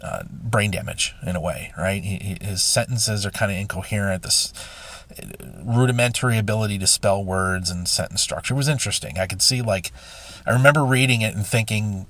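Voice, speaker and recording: A middle-aged man hosting a podcast, telling a painful personal story in a halting, emotional way with many restarts and sighs. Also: on the low side, a bit bright. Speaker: podcast host. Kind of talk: personal confessional monologue.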